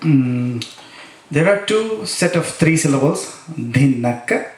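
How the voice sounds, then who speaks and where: Man, slightly high voice, teaching rhythm, chants syllables, echoey room, mic far off. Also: lively intonation, slow, a little hiss or hum. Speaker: konnakol workshop teacher. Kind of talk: workshop demonstration. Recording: echoey room, heard from a distance.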